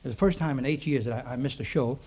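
A man telling a rambling comic story to a live audience, full of quick punchlines and asides to the crowd. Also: medium pitch, a little mellow, slightly rough.

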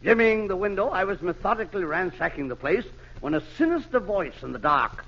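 A man's voice: high-pitched, very animated, brisk, fairly bright tone. A man doing hammy, mock-hardboiled narration as an inspector in a 1940s radio comedy. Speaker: comic narrator playing an inspector. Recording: muffled hissy old radio recording.

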